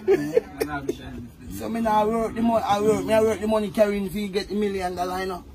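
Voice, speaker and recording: A young man with a Jamaican accent telling animated stories in casual chat, laughing often, recorded on a phone. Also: sits high, brisk, crowd noise. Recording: noisy phone video recording.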